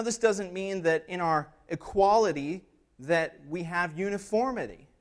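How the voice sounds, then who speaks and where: In a high-sitting voice, a pastor works through an expository sermon. He talks earnestly and conversationally, dropping in "right?" to check on listeners and building toward emphatic moments.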